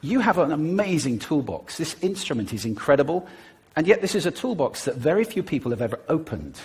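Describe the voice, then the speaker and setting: A man giving a stage talk in an animated way, demonstrating voice techniques as he speaks. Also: fairly high pitch, a little fast, husky. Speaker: public speaker.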